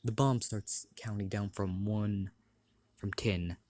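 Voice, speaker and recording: A man improvising a fan fiction story aloud, rambling, correcting himself and clearing his throat often. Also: fairly low pitch, fairly even intonation, slow, darkish tone.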